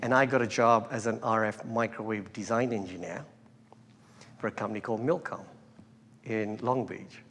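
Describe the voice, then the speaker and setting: A man who grew up in England, a guest entrepreneur telling his story in a relaxed, anecdotal way with fillers and laughter. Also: lowish voice, moderate pace, in a large hall. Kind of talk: conversational interview. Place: hall before a live crowd.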